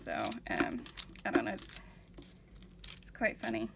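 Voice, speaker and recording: A woman's voice: unhurried, heavy background noise. A woman vlogger chatting casually while she paints, telling family stories with many fillers and restarts. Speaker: vlogger, art journaler.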